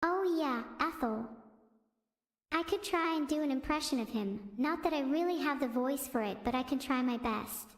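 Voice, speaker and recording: A woman's voice: sits high, moderate pace. A woman's synthetic text-to-speech voice hosting a stream, chatting casually and rambling, easily sidetracked. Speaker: streamer host. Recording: echoey room with long reverb.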